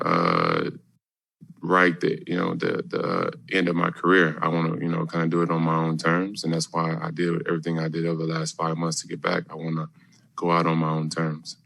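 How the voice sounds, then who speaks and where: A man in his thirties answering questions at a press conference in a laid-back, halting way with many fillers. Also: sits low, gravelly, fairly bright tone. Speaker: basketball player at press conference.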